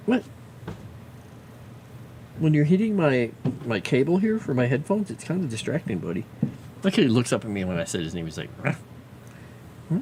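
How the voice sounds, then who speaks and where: A man's voice: medium pitch, sing-song, fairly quick, pauses often, darkish tone, slight background noise. A man casually chatting on a livestream while drawing a fantasy map, muttering to himself and cooing at his pet.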